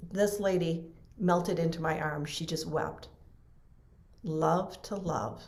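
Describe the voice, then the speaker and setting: Middle-aged female guest, low register, heartfelt and rambling. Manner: earnest, emotional, restarts often. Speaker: podcast guest. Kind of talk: conversational storytelling.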